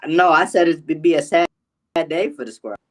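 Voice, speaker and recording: A man co-hosting a live show. He talks casually and haltingly, restarting his sentences and using loose, relaxed grammar. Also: fairly high pitch. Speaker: co-host. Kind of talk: casual chat.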